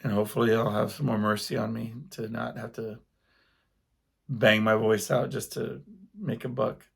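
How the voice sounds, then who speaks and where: Guy with a gravelly kinda husky voice just rambling on his podcast, chatty, easygoing storytelling. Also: mid-range voice, level tone, normal speed. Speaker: podcast host and gigging singer-guitarist. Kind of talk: casual solo podcast monologue.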